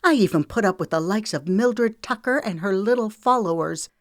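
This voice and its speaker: A woman's voice: medium pitch, animated, moderate pace, no room sound, clean studio sound, pitched above the performer's own voice, lightly acted. A woman voicing a hurt, fiery young red-haired woman in an audiobook reading, speaking in a raised, heated tone. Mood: angry, tearful.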